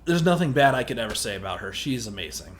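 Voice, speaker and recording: A man's voice: mid-range voice, very animated, fast talker, a little hiss or hum. A man casually reviewing a movie in a rambling, candid way and swearing now and then. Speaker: film reviewer.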